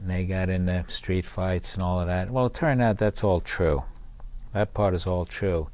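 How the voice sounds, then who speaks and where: A man's voice: deep voice, a little mellow. Older man earnestly telling his war story. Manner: earnest, repeats key phrases for emphasis. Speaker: guest, Vietnam veteran and public speaker. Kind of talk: personal storytelling interview.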